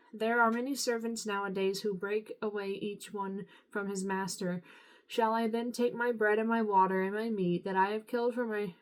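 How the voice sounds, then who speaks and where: A tired woman reading scripture aloud, unhurried, now and then stumbling and apologizing. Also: a little high, darkish tone, low-quality recording. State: tired, yawning. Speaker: Bible reader.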